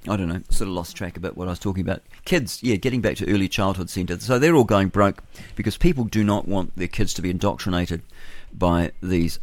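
A man's voice: lowish voice, dry recording. A man with a New Zealand accent hosting a breakfast talk radio show, delivering a rambling, forthright monologue with chuckles and self-corrections into a studio microphone. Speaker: radio host.

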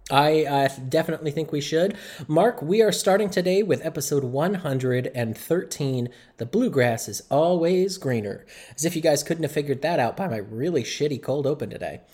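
A man's voice: a little high, lively intonation, normal speed, darkish tone. Rambling, swearing male podcast co-host. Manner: rambling, loose, swears freely. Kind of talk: casual podcast chat.

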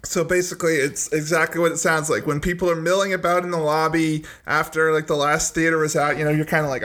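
A man's voice: a little high, little pitch movement, fast, hardly any pauses, fairly bright tone. A man with a slightly raised voice spins long, rambling stories in a casual chat. He pokes fun at himself and often laughs as he talks. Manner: rambling storyteller, self-deprecating, laughs often.

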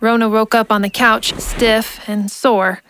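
A woman narrating an audio drama in a measured, expressive reading. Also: on the high side, slight background noise. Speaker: narrator and ad host.

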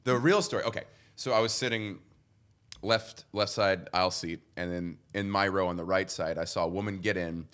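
A man's voice: low-pitched, fairly even intonation, moderate pace, a bit bright, smooth. A young adult man, a guest comedian, telling a story on a podcast and acting out the people in it.

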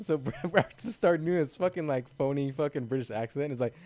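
A man in a relaxed podcast conversation who swears freely and laughs as he talks. His voice sits at an ordinary pitch and is recorded dry and close, with no room sound. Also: brisk, no echo. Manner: loose, swears a lot, laughs often. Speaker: podcast co-host. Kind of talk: casual chat.

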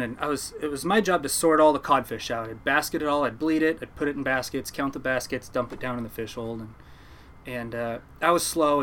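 A man's voice: mid-range voice, a bit bright, slight background noise. A man, a fisherman, telling a rambling story in a casual interview, with frequent restarts and fillers.

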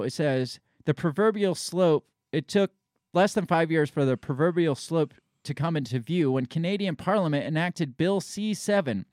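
A man's voice: a little high, darkish tone, dry recording, studio quality. A man co-hosting a casual talk show, reading an article aloud and breaking in with incredulous, sarcastic comments. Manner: incredulous, sarcastic asides between quoted passages. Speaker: podcast co-host.

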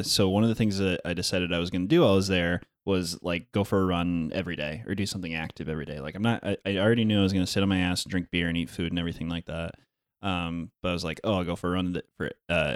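Give me a rambling podcast co-host, a man with a very low voice. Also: smooth, no echo, clean studio sound. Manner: laid-back, rambling storyteller. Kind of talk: casual chat.

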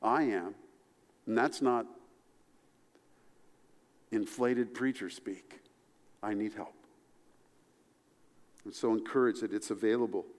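A man preaching a sermon as pastor, animated, his voice climbing high for emphasis and falling low and soft. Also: slow, long pauses, big-room sound.

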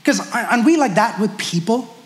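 High-voiced animated male preacher. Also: moderate pace. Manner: animated and conversational, heavy use of "like". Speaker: pastor. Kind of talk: sermon.

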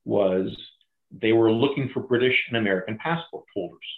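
A middle-aged man retelling a crisis story in an interview, animated and acting out the voices of others. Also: lowish voice, fairly quick. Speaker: guest, former bank crisis manager. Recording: echoey, phone-like audio.

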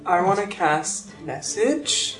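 A player in a tabletop game, making quick short reactions and plans. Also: mid-range voice, expressive. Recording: roomy, faint music behind.

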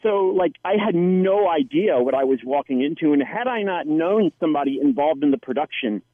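A man, an actor guest, tells stories in a chatty, rambling way. His voice sits a little high for a man. It comes through a dry, tinny phone line. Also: lively intonation, fairly quick, dry recording. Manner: chatty storyteller with many restarts. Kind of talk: casual interview anecdote.

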